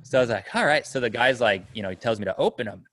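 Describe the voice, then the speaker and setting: A man's voice: mid-range voice, expressive, fast, fairly bright tone, a little hiss or hum. A man telling a long story in casual chat, rambling, with lots of fillers, and acting out the people in it. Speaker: storyteller guest.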